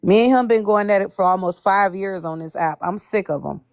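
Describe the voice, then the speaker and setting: A woman's voice: mid-range voice, brisk, no room sound. Woman, caller, angry profane rant, phone mic, dry close sound. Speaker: caller on a live stream. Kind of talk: heated live-stream rant.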